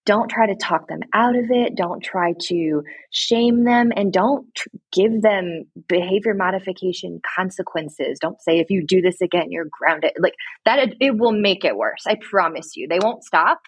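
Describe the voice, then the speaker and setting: A woman giving earnest, direct faith-based advice to parents, retelling a story with lively asides. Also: medium pitch, moderate pace, breathy edge, dry recording. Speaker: guest speaking to parents.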